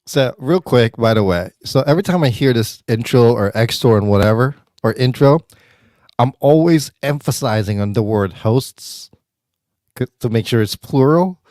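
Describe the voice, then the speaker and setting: A man's voice: medium pitch, animated, normal speed, darkish tone, no room sound, clean studio sound. A man in his fifties from the Philippines, co-hosting a casual podcast over a video call, joking and laughing often. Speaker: podcast co-host. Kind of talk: casual chat.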